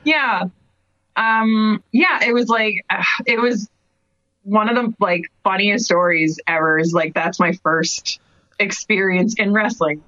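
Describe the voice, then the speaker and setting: A woman's voice: mid-range voice, slow, a bit bright, dry recording. Cape breton woman in her 30s gabbing thru a story, lots of likes and giggles, dry dull podcast sound. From Canada, Cape Breton. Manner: chatty storyteller, many "like"s, laughs often. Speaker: guest wrestler. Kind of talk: casual interview chat.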